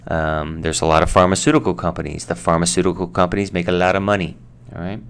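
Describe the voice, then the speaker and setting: Low-voiced american guy explaining english words, laid-back and chatty, lots of ums. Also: fast talker, clear, resonant tone. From United States. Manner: relaxed and chatty, with many fillers and asides. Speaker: English teacher. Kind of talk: casual explanation.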